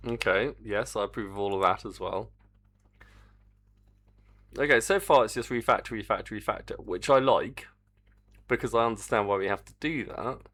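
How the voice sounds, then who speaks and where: A man's voice: on the low side, normal speed, long pauses, fairly bright tone. A middle-aged man, a game developer live-streaming his work, muttering casual grumbling asides to himself as he codes.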